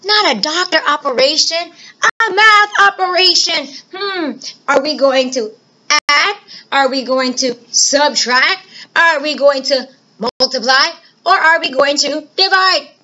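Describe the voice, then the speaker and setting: A woman teacher giving a recorded math lesson to children, playful and animated, asking questions and answering them herself. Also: sits high, measured pace, highs cut off.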